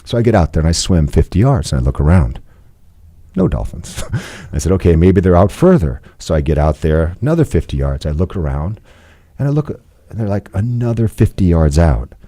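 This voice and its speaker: A man in his fifties telling a personal story as a podcast guest, playful and animated, laughing often. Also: low-pitched, moderate pace, no echo. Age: 50s.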